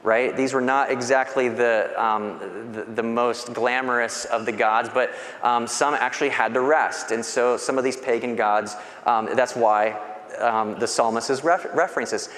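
A man pastor giving a sermon, retelling scripture stories with animated, conversational delivery. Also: medium pitch, unhurried, few pauses. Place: church sanctuary. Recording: long hall reverb.

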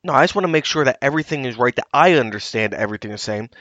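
A man with a medium-pitched voice talks at a racing pace in a clip with no echo. He's a reporter co-hosting a podcast, and in this casual chat he tells stories animatedly and acts out the quotes.

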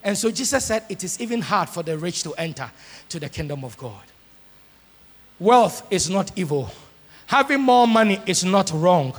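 Man preaching, high voice, husky tone, emphatic sung-out shouts, long church reverb. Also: very animated, normal speed. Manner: emphatic, swings between soft asides and shouted sung lines. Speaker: pastor. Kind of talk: sermon. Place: large church hall.

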